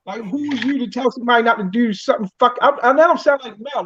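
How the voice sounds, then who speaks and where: Guest, man, husky voice, lively and swearing, tripping over words, dull lo-fi sound. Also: very high voice, quick pace, hardly any pauses. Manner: animated, profane, stumbles over words. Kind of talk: casual chat.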